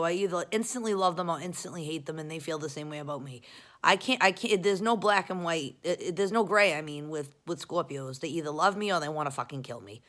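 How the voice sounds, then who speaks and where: A woman with a slightly low voice talks straight into a camera she holds close, somewhere in her home. Her rambling is blunt and full of swearing, and it swings from loud outbursts to quiet muttering. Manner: rambling, profane and blunt, often restarting. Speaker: vlogger. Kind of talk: casual confessional rant.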